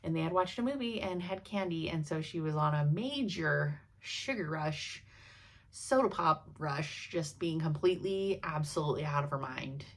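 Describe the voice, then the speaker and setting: A woman's voice: deep voice, animated, moderate pace. A woman in her thirties chatting casually to her viewers as a cross-stitch vlogger, laughing often as she tells stories. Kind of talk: casual chat.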